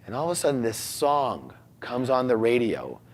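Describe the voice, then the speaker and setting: A man in his forties telling an emotional personal story, acting out the dialogue and dropping into hushed asides. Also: medium pitch, very animated, normal speed. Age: 40s.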